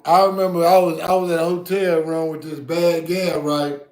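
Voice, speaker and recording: A man hosting a podcast, telling a story in casual, profane chat with loud outbursts. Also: on the high side, little pitch movement, moderate pace. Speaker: podcast host. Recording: roomy echo.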